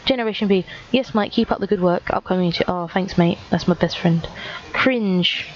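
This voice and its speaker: A woman's voice: fairly low pitch, normal speed, muffled recording. Sarcastic teenage girl vlogging. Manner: sarcastic, teasing, self-mocking. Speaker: YouTuber. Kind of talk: casual commentary reading comments.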